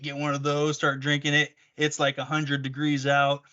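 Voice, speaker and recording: A man's voice: on the high side, moderate pace. A man co-hosting a podcast in casual chat, acting out the quotes as he tells stories. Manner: animated storyteller acting out quotes. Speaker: podcast co-host. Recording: dull lo-fi recording.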